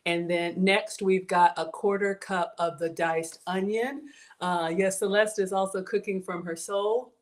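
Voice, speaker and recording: A woman's voice: mid-range voice, steady tone, unhurried. A woman from Georgia hosting a live cooking stream, cheerful and explaining each step as she goes. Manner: upbeat, laughs often, explains as she cooks. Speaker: cooking show host. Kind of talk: live cooking show chat.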